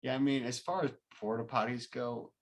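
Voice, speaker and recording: A man's voice: medium pitch, fairly even intonation, normal speed. A man co-hosting a podcast in casual chat, laid-back and often chiming in with short agreeing replies. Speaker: podcast co-host.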